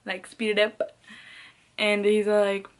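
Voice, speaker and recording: A woman's voice: medium pitch, monotone, slow, slight background noise. Rambling, profane young woman telling a story. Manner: laughs often between phrases. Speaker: vlogger. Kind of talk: casual storytime.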